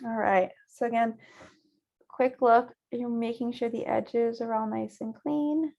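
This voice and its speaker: A woman teaching a virtual painting class, guiding students gently step by step at a close mic. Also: a little high, fairly even intonation, unhurried, vocal fry, muffled recording. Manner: gentle, encouraging step-by-step guidance. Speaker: painting instructor.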